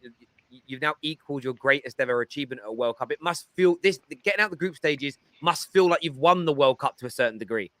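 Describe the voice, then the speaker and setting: A man's voice: mid-range voice, expressive, quick pace, pushed and bright, no echo. A man hosting a live football reaction stream, chatting enthusiastically and reading out viewer comments. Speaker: football show host.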